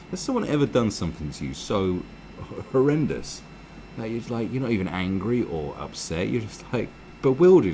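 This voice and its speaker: A man's voice: medium pitch, sing-song, a little fast, darkish tone, a little hiss or hum, poor audio. Profane, ranting British man. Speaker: live stream host. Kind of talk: casual commentary rant.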